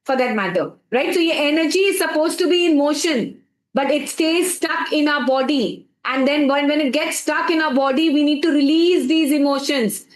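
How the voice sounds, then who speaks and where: Indian woman, high voice, motivational live stream, keeps asking chat to type stuff, echoey room. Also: normal speed. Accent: Indian English. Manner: asks the chat for replies over and over; mixes English with Hindi phrases.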